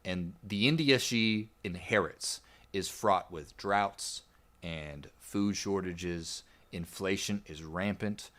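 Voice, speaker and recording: A man co-hosting a history podcast, recounting events in a relaxed, rambling way with plenty of "like" and "I guess". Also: low voice, takes it slowly. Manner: relaxed, rambling storyteller with fillers. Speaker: podcast co-host. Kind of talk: casual history podcast narration.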